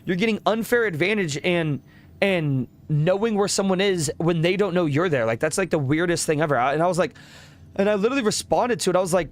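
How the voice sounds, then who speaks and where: A man's voice: high voice, lively intonation, brisk. A young man chatting casually with viewers while streaming a game. He rambles in slang, swears often and laughs a lot.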